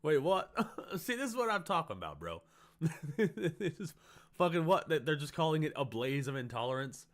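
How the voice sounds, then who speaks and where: A man co-hosting a stream, reacting in casual, profane, animated rants and laughing often. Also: fairly high pitch, normal speed. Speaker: stream co-host.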